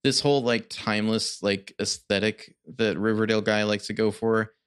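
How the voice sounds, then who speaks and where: A man's voice: fairly low pitch, flat delivery, normal speed, a bit bright, clean tone. A man co-hosting a podcast, recapping a TV episode in loose, rambling casual chat full of restarts. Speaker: podcast co-host.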